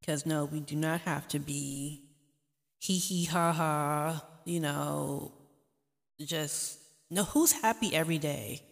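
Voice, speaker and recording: Woman with a gravelly voice giving earnest heartfelt talk to camera, lots of echo. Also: low voice, slow pace. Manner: earnest, pleading, faith-driven encouragement. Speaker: vlog host. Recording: long reverb, echoey room.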